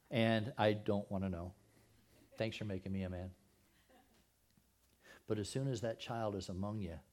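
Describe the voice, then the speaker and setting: A man's voice: fairly low pitch, a little mellow. A man preaching a sermon in a conversational way, with joking asides to the congregation. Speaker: pastor.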